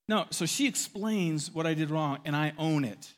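A middle-aged man preaching a sermon with animated delivery, acting out quotes and swelling loud at key points. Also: a little high, normal speed, hardly any pauses. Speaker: pastor.

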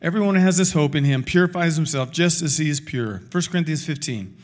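A middle-aged man delivers a sermon with animated, conversational energy. His voice sits somewhat high for a man, and he often breaks off to talk straight to the congregation. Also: fast. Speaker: pastor.

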